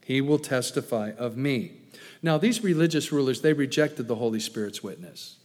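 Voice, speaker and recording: A man's voice: medium pitch, expressive, moderate pace, a little mellow, big-room sound. A man preaching an expository sermon in an earnest, emphatic way, often repeating words and adding asides.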